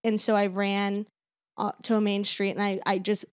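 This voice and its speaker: A woman's voice: medium pitch, completely flat delivery, moderate pace, clean tone, no echo. Candid woman comedian, dry sound. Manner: candid, detailed storytelling. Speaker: comedian guest. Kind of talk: casual podcast chat.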